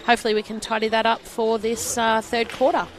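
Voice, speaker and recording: Female expert commentator, higher register, measured analysis, noisy venue ambience. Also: completely flat delivery. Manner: analytical, agreeable, laughs easily. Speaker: expert co-commentator, netball coach. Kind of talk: live sports commentary. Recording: noisy court ambience behind.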